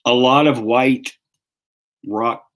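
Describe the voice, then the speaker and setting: A man's voice: mid-range voice, steady tone, takes it slowly, a bit bright, rough recording. A man in his fifties or older with a Southern American accent, a guest author telling his story in a casual, rambling interview with many restarts. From North Carolina.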